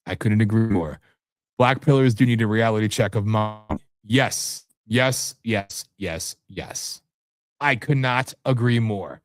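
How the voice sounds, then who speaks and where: A man's voice: fairly low pitch, slow, no echo, studio quality. A man hosting a live political talk show, ranting in a rambling, profane and combative way that jumps from topic to topic. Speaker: host.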